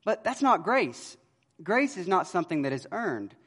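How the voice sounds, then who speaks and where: A man preaching a sermon as pastor, earnest, swelling loud on key words and then dropping to a hush. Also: high voice, very animated, normal speed, breathy edge. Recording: long hall reverb.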